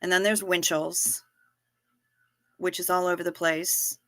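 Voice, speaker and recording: A woman's voice: on the low side, flat delivery, measured pace, sharp tone, dry recording. A woman hosting a live stream, chatting casually, telling jokes and reading out viewer messages. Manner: chatty, joking, reads chat aloud.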